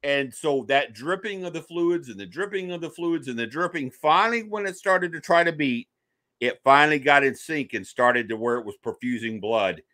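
Bright-voiced man telling a personal story. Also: on the high side, moderate pace, no echo. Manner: animated storyteller who acts out quoted voices. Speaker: podcast guest, paranormal investigator.

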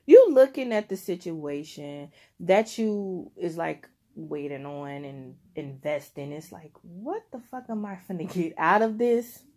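Brief: young woman tarot reader, slow, loose delivery, frequent laughs, heavy swearing, speaks directly to the viewer. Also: on the low side, animated, mellow. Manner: profane, laughing often, speaking straight to the listener. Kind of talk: casual tarot reading to viewers.

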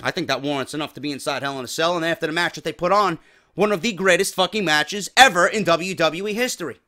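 Man, New York accent, podcast host, profane rant, rhetorical questions, high voice. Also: quick pace, pushed and bright. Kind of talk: ranting wrestling commentary.

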